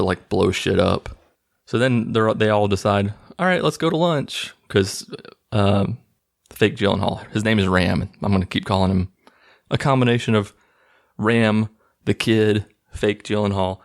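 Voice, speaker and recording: A man's voice: on the low side, gravelly. A man casually recapping a movie plot in a mocking, incredulous tone.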